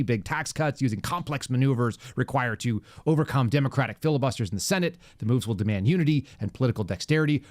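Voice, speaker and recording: A man's voice: mid-range voice, darkish tone, no echo. Male podcast host with a mid-range voice who talks casually, rambling and mocking, recorded close and dry. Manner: sarcastic, rambling, quick asides. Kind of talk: casual political podcast chat.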